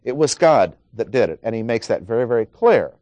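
A man's voice: mid-range voice, very animated, a little fast, darkish tone, no echo. A man preaching an expository Bible lesson, working through numbered points and reading scripture aloud.

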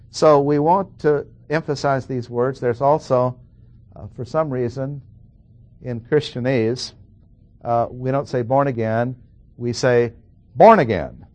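A man delivering a verse-by-verse sermon at an ordinary mid-range pitch. He slows down to stress single words and throws questions at his listeners. The recording is dry and close, with little room sound. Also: a little mellow, no echo. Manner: emphatic, drawn-out stresses on key words, asks the audience questions. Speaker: preacher. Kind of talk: sermon, Bible exposition.

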